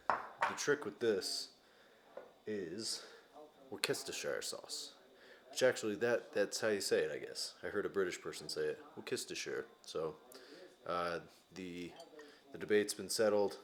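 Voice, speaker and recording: A young man in casual chat, an easygoing fitness vlogger who rambles a little and chuckles often while cooking at home. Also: sits low.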